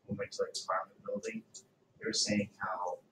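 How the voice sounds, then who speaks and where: Low-voiced student speaking from far back. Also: male voice, completely flat delivery, a little fast. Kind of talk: classroom remark. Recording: echoey classroom from far off, noisy.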